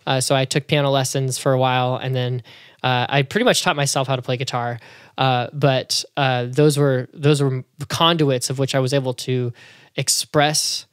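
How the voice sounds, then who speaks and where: A man's voice: mid-range voice, steady tone, normal speed, clear, resonant tone, no room sound. Chatty man with a dry close sound. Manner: rambling, many fillers and restarts. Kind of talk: casual conversational testimony.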